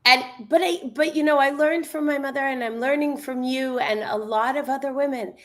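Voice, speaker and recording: A woman's voice: high voice, moderate pace. A woman hosting an interview, speaking in an enthusiastic, encouraging way. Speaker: host. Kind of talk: conversational interview.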